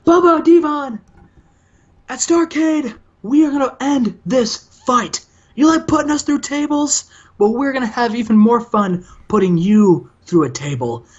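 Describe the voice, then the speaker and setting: A man's voice: very high-pitched, unhurried, breathy edge, dull audio, pitched above the performer's own voice, full character voice. A man putting on the voice of a fired-up young male wrestler issuing a challenge. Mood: challenging.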